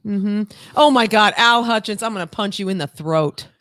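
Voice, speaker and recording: A woman's voice: medium pitch, fairly bright tone, no echo, studio quality. A woman co-hosting a podcast, chatting casually in a blunt, teasing manner that often tips into rants. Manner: blunt, teasing and quick to rant. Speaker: podcast co-host. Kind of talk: casual chat.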